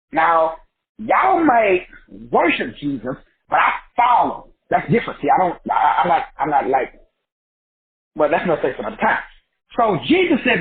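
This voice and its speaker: A high-pitched man whose voice swings up and down as he preaches his lesson to a group call. He talks folksy and emphatic, throws out rhetorical questions and repeats himself for effect. The audio is thin and tinny, like a phone line. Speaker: teacher hosting a credit class.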